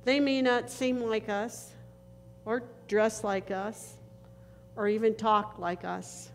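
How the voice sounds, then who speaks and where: A woman pastor delivers a sermon in slow, deliberate phrases, pausing for weight between her lines. Her voice carries through a church sanctuary with a long reverberant tail and a faint hum of noise behind it. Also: fairly high pitch, steady tone. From northern United States. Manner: slow, earnest preaching with dramatic pauses.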